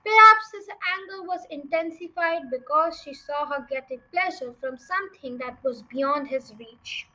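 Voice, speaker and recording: A woman's voice: high voice, moderate pace, hardly any pauses, bright, forceful tone, poor audio. A young woman reading a children's novel aloud as a storyteller, with chatty asides to her listeners.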